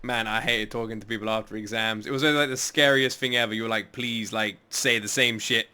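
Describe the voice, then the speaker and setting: A man hosting an anime reaction, chatting casually, excitable and swearing now and then. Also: on the low side, a little fast, slight background noise.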